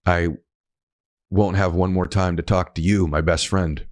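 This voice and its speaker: A man voicing his older father facing cancer, speaking in a deep voice with a plain, earnest, fatherly manner. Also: level tone, a little slow, dry recording. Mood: tender.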